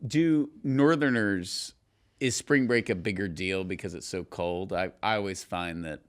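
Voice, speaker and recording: A man's voice: deep voice, smooth. A young man from Texas hosting a podcast, chatting casually, teasing his co-hosts and laughing easily. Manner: teasing, joking, quick to laugh. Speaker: podcast host.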